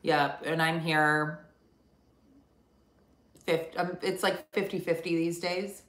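A woman's voice: low-pitched, steady tone, slow, fairly bright tone. A young woman from Minnesota, a friend and co-host, joking in a laid-back, casual live-stream chat. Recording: echoey room.

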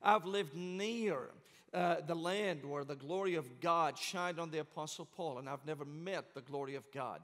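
A man's voice: fairly high pitch, normal speed, a bit bright. A middle-aged man with a Syrian accent, preaching a sermon with passion and humor in a large church sanctuary. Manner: passionate, joking storyteller. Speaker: guest preacher. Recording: long church reverb.

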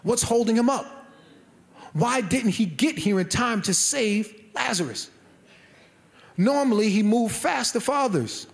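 Very high-voiced man preaching fervently. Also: expressive, a little slow, gravelly, pauses often. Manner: fervent, emphatic preaching with repetition. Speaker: church elder preaching. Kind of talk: sermon.

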